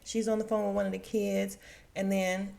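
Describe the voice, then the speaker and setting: A woman's voice: mid-range voice, level tone, normal speed, vocal fry, warm tone. Blunt, swearing woman podcast host. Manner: blunt, opinionated, swears freely. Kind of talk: casual TV recap.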